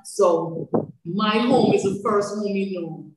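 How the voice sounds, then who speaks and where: A woman's voice: medium pitch, takes it slowly. A woman, a foster care director and foster mother, speaking with passion and faith on a webinar video call. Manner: passionate, repetitive, faith-filled. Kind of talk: heartfelt testimony on a webinar. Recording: echoey, distant from mic, noisy.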